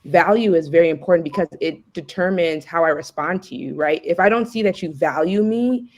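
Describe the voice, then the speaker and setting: Young female guest, deep voice, measured and reasoned. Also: darkish tone. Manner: reasoned, checks in with "right?". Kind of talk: casual chat.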